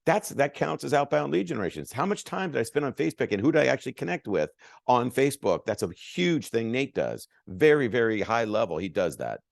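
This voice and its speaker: A man's voice: mid-range voice, fairly quick, creaky, dry recording, studio quality. A man giving a motivational sales talk as a coach, acting out both sides of conversations. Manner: animated, acts out both sides of dialogues.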